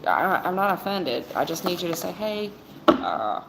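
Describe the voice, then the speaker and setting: A woman's voice: fairly low pitch, animated, fairly quick. A woman reading tarot on a livestream, blunt and a little sarcastic as she talks straight to her chat viewers and calls them baby and hon. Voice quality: blunt, sarcastic-sounding delivery. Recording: echoey room with clear background noise.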